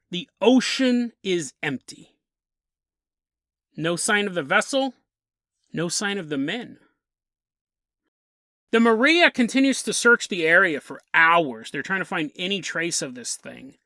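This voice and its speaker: A man with a bright, forward voice recounts a weird sea story for his podcast, casual and amused, often breaking into a chuckle. The sound is dry and close, with no room around it. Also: high-pitched, no room sound. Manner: chatty and amused, chuckling through the tale. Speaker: podcast host.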